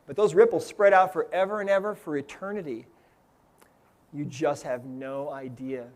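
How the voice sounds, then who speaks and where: A man's voice: fairly high pitch, steady tone, normal speed. A man giving an inspirational seminar talk, telling a story earnestly and often checking in with the audience. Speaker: seminar speaker. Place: seminar room with live audience.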